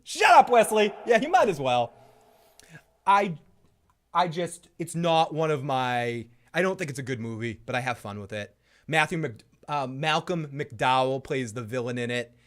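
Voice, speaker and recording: A man's voice: medium pitch, expressive, moderate pace, a bit bright. A man hosting a casual, opinionated chat, rambling and profane, with playful bursts of impressions. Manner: profane and rambling, full of restarts. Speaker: host.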